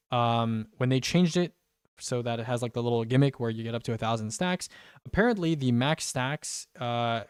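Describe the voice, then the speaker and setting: A man's voice: medium pitch, darkish tone, clear, resonant tone, no room sound, studio quality. A young man casually chatting about game updates as a gaming creator, rambling and tagging lines with "like" and "right?". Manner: rambling, full of "like" and "right?" tags.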